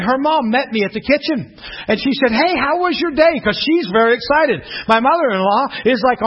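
A middle-aged male preacher from western Pennsylvania, telling a personal testimony in an animated sermon and often asking the audience questions. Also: extremely high pitch, slightly rough, muffled recording. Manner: animated storytelling, with repeated rhetorical questions to the audience.

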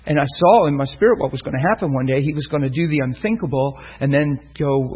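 Husky guy preaching, storytelling sermon, voice sits a bit high. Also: fast talker, a little mellow, muffled recording. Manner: storytelling, acts out voices in quotes.

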